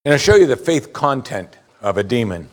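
A male pastor preaches with emphatic delivery. His voice sits at a middle pitch, and it rises in loud stresses before dropping to quiet, low asides. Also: very animated, brisk. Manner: emphatic preaching, rising and falling in volume. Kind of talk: sermon.

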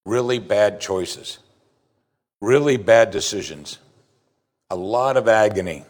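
A man preaching a sermon from the pulpit. He swings between loud, stressed declarations and quiet, confiding asides. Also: lowish voice, takes it slowly, pauses often. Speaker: pastor.

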